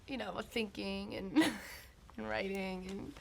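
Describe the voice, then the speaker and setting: A woman's voice: mid-range voice, slow, vocal fry, a little hiss or hum. A woman in her twenties, a musician being interviewed, talking casually with lots of fillers, laughs and trailing thoughts. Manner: giggly, filler-heavy, trailing off. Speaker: guest musician.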